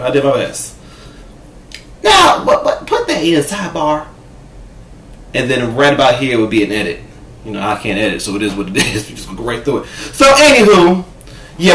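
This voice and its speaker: At home, a man with a mid-range voice vlogs a casual reaction-video rant into a camera set up in front of him. He's sassy, profane and animated, and the room sounds echoey.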